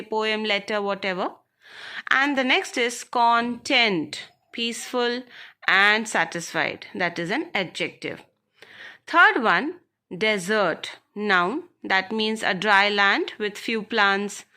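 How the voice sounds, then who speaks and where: A woman teacher explains a school textbook exercise to children. Her voice is bright and a little high. She speaks very slowly and goes back over each word so the class can follow. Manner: deliberate, repeats words and addresses the children directly.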